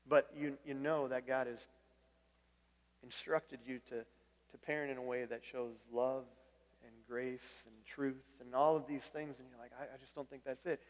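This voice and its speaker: A man's voice: medium pitch, fairly even intonation, measured pace, big-room sound. A man preaching a conversational sermon as pastor, often restarting his phrases and putting questions to the congregation. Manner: conversational, repeats words when restarting, asks the room questions.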